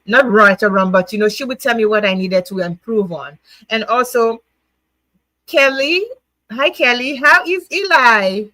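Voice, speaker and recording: A woman's voice: mid-range voice, pushed and bright, no room sound, rough recording. A woman hosting her own livestream show, chatting to viewers in a grateful, heartfelt way, laughing often and restarting her words. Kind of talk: casual heartfelt chat to viewers.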